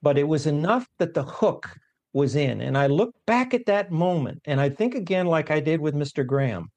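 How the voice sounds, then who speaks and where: A man, a guest scientist, tells his life story in an animated, self-deprecating, emphatic way. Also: fairly high pitch, moderate pace. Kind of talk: conversational storytelling.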